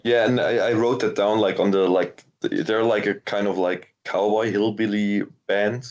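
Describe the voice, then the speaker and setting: A man with a lowish voice giving loose, blunt takes on a movie. He swears casually and drops "like" constantly as he talks things through with his co-host. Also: fairly even intonation, moderate pace, darkish tone, muffled recording. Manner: blunt, swears freely, heavy use of "like". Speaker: podcast co-host. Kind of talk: casual movie review chat.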